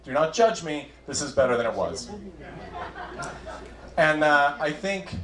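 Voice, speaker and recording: A man's voice: on the high side, a bit bright. A young man doing a stand-up set as host, self-deprecating and chatty with the crowd, speaking into a handheld mic on a club stage. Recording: roomy club sound. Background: audience laughter.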